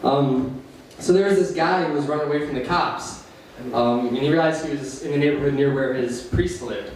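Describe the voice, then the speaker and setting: Rambling open-mic comic in an echoey room. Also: male voice, a little high, moderate pace, darkish tone. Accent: Upper Midwest American. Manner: rambling, self-deprecating joke telling with nervous laughs. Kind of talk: stand-up comedy. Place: small cafe stage. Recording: very echoey room, distant mic, faint hiss.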